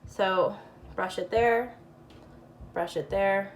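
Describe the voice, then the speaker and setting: A woman's voice: mid-range voice, extremely slow, slight background noise. A woman casually talking through a makeup tutorial, chatty and playful with slangy asides.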